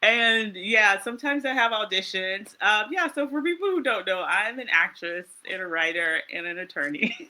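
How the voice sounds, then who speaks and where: An American woman telling travel stories in casual chat, animated and laughing often. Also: medium pitch, moderate pace, few pauses. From United States. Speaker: interview guest.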